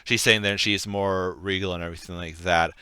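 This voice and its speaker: A man running a tabletop game as game master, narrating the scene in a relaxed, rambling way with frequent pauses and fillers. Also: low voice, smooth, no room sound, studio quality. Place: home setup on stream.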